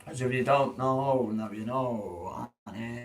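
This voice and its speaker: A hoarse adult man with a Dundee Scottish accent, chatting on a livestream in a rambling, sweary way. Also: medium pitch, unhurried, a little hiss or hum, poor audio. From Dundee, Scotland. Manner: swears freely, restarts often. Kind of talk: rambling casual livestream chat.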